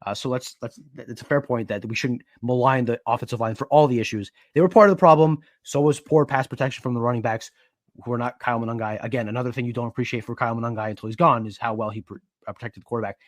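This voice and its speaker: A man co-hosting a casual sports podcast, explaining in a steady, analytical way. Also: medium pitch, fast, no echo, studio quality. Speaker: podcast co-host.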